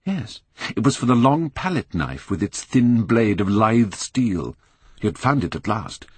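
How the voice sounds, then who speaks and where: An older Englishman narrating an audiobook with measured, expressive storytelling. His voice sits low but moves widely in pitch, with a husky grain. The recording is close and dry. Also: no room sound. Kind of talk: scripted narration.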